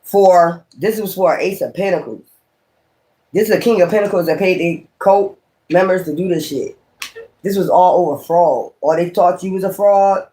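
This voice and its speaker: Man, tarot reader, high-pitched, swears freely, exclaims and rambles. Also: normal speed, mellow. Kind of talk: casual tarot reading.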